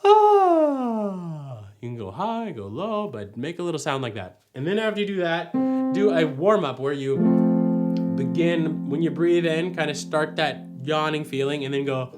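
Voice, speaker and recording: A vocal coach gives a friendly, casual singing lesson, explaining technique step by step and sometimes singing vowels to demonstrate. His fairly high voice is expressive, his pace moderate, and soft music plays in the background.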